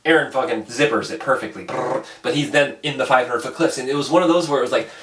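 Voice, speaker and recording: A man hosting a casual chat, telling a long, animated, profane story and acting out his own reactions. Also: mid-range voice, fast talker. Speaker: podcast host telling a story. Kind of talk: casual storytelling over beers. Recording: roomy, distant mic with faint noise.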